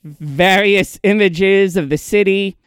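A woman's voice: mid-range voice, slow, smooth, dry recording, studio quality. A woman hosting a podcast, recapping an episode in casual chat and laughing often. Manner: narrates plot, laughs often.

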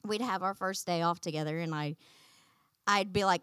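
A woman teaching a Bible lesson to a congregation, animated and acting out the quotes. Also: medium pitch, moderate pace, no room sound. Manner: animated, acts out quotes, laughs often.

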